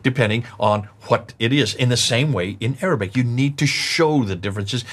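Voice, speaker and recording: A man's voice: mid-range voice, normal speed. Emphatic man lecturing from a screen. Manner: emphatic, repeats key words, explains with examples. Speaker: presenter teaching on manuscript history. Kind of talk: lecture-style discussion.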